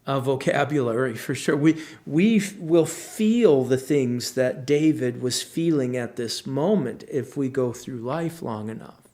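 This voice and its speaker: A male pastor giving a devotional Bible teaching, slow and earnest, with frequent restarts and emphatic bursts. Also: mid-range voice, a little mellow.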